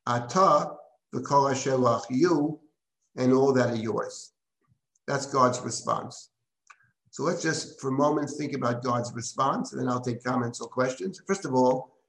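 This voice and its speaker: A man's voice: medium pitch, fairly bright tone. Man teaching a Bible text class, roomy echo. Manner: reads Hebrew verses then translates and explains, with restarts. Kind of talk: live text-study lecture.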